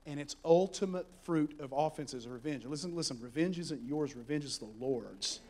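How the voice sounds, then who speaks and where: Guy preaching, pretty high voice, goes quiet then loud, tells stories. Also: moderate pace, few pauses. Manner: animated storytelling, swings from soft asides to shouting. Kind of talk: sermon.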